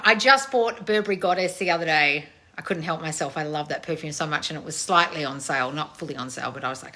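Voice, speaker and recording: A woman in her thirties, a channel host reading viewer comments in a loud, blunt, casual way and swearing freely. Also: deep voice, fast. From family of Croatian heritage. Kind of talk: casual live chat.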